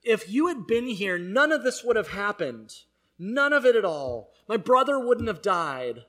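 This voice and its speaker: A man's voice: high-pitched, very animated, unhurried, bright, forceful tone, voice pushed up, heavily acted. A man voicing a distraught, accusing woman. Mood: upset, accusing. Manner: pleading, accusing, raised voice. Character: anguished demanding woman grieving her brother.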